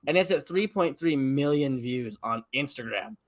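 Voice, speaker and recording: A man appearing as a guest content creator, chatting casually in a playful, animated way and laughing easily. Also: medium pitch, moderate pace. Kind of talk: casual chat.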